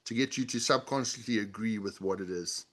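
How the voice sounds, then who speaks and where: A man's voice: fairly low pitch, brisk, a bit bright. A middle-aged man as an interview guest, explaining body language with instructive examples and demonstrations. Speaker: guest, body language author and leadership coach.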